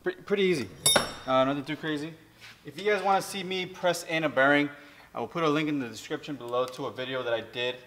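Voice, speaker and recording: A man's voice: on the high side, fast, big-room sound, background noise. A man, a mechanic, chatting casually as he works in his repair shop, explaining each step and swearing now and then. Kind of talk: casual how-to vlog.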